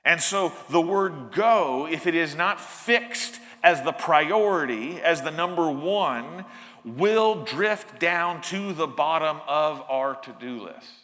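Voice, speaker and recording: A man's voice: fairly high pitch, lively intonation, slow pace, pushed and bright, long reverb tail. A man preaching a sermon as pastor, earnest and emphatic, often restarting his phrases. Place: church sanctuary.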